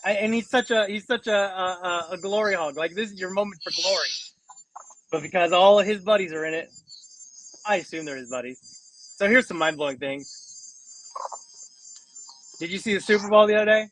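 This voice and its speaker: A man's voice: high-pitched, normal speed, pauses often, background noise. A man co-hosting a casual podcast, rambling with many restarts and fillers. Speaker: co-host.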